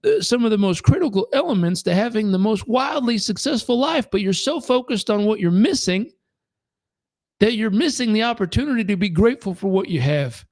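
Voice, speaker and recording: A man's voice: sits high, expressive, a little fast, a little mellow, pitched above the performer's own voice. A man voicing a blunt, folksy old homeless man who lectures in a plain-spoken way. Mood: urging.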